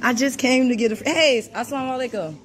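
A woman, filming on her phone in a mall store and giving loud, indignant commentary to the people around her. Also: fairly high pitch, fast talker, a crowd in the background. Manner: loud, indignant, talking to onlookers. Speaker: filming shopper. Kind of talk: agitated live commentary while filming. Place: large store in a mall, indoors. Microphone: phone camera held by speaker.

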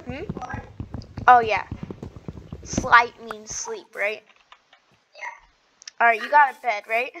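A woman chatting casually while playing a video game, excitable and giggly, gasping and stammering as she goes. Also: on the high side, slow pace, pauses often, a little hiss or hum, rough recording. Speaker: gaming video host. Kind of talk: casual gameplay chat.

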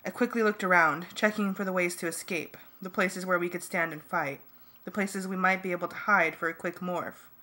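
A woman reading a first-person novel aloud as an amateur audiobook, in a plain, steady manner. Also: fairly low pitch, normal speed. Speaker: audiobook reader.

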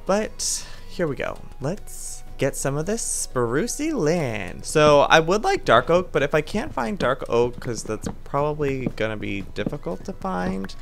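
A man giving lively, theatrical gameplay commentary as a channel host, talking to the game's creatures with mock outrage. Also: a little high, creaky. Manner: animated, theatrical, talks to game mobs with mock outrage.

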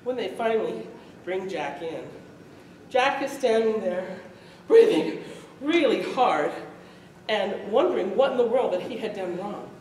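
A woman storyteller telling a folk tale to a live audience, lively and often laughing as she acts it out, in a festival hall. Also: mid-range voice, measured pace, slight background noise. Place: event hall at a medieval arts festival. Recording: echoey hall from far off.

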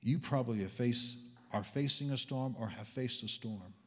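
A male preacher delivering a sermon in a church hall, his voice trailing off in long reverb. He swings from loud, excited exclamations down to hushed, near-whispered lines. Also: mid-range voice, moderate pace. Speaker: guest preacher.

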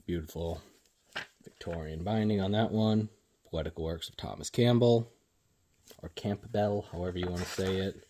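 A bookseller casually shows off his newest purchases on video, relaxed and unhurried, saying "um" a lot. His voice sits low, and there's a little hiss or hum.

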